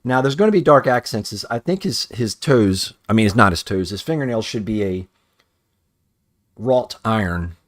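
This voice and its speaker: A man's voice: fairly low pitch, animated, normal speed, dry recording, clean studio sound. A man chatting casually on a live stream while painting action figures at home, profane and rambling, often restarting his sentences.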